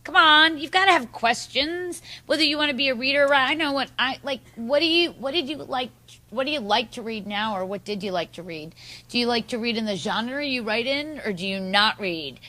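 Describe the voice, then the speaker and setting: Bright-voiced woman moderator, encouraging, eager for audience questions. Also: a little high, a little fast, rough recording. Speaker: moderator and instructor. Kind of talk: moderating a panel.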